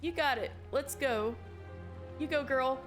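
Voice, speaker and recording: A woman's voice: high-pitched, unhurried, soft background music. A woman streamer chatting casually while playing, musing aloud as she works things out. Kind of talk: casual game-stream chat.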